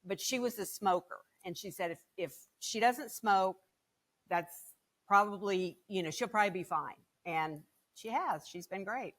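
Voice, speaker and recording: A woman's voice: medium pitch, moderate pace, a bit bright. An older woman, a guest on a podcast, telling a family story in a chatty way with many fillers. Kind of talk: casual storytelling.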